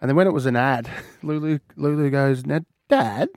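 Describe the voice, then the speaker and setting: A man's voice: medium pitch, fairly even intonation, fairly quick, a little mellow, clear, resonant tone, no echo, clean studio sound. Australian man telling a story on radio. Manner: storytelling, laughing through anecdotes. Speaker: radio co-host. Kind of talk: casual radio banter.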